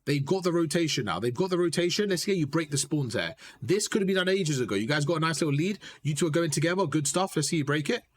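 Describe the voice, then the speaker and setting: A man coaching a player through gameplay footage, direct and animated, repeating his points and calling him bro. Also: fairly high pitch, fast, few pauses. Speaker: gaming coach.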